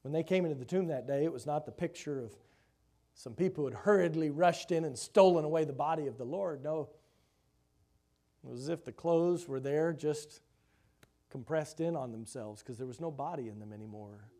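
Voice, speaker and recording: Man preaching with rising, swelling emphasis. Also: normal speed. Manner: swells loud and high for emphasis, drops soft and low; reads scripture then expounds with rhetorical questions. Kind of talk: sermon.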